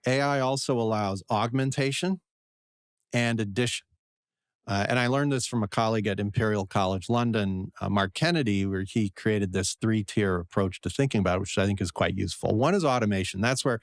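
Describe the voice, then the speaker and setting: A man's voice: fairly low pitch, no room sound, studio quality. A man, a venture investor and professor, answering interview questions in a digressive, self-deprecating way.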